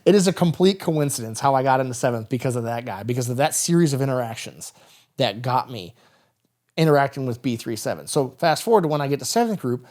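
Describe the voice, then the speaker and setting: A man in his thirties, a veteran guest on a podcast, telling stories casually and acting out the dialogue. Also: mid-range voice. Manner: rapid, animated anecdotes with quoted dialogue. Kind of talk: casual storytelling interview.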